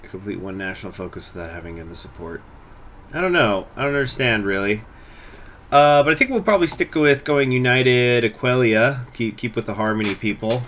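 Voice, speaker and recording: A man's voice: medium pitch, fairly bright tone. A man with a mid-range voice talking his way through a strategy game, half to himself. He thinks aloud, mutters over menus and drops the odd swear. A faint ambient hum sits behind him. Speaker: gaming channel host. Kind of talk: let's play commentary.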